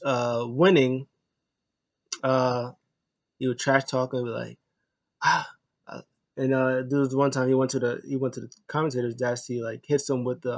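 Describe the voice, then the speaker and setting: A man casually recapping a wrestling match move by move, rambling with lots of uh fillers and restarts. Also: mid-range voice. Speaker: wrestling show reviewer.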